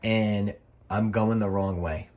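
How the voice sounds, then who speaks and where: A middle-aged former wrestling referee rambles casually over vintage match footage, his lowish voice a bit mellow with fairly even intonation. Chatty and profane, he swears freely and is quick to get heated.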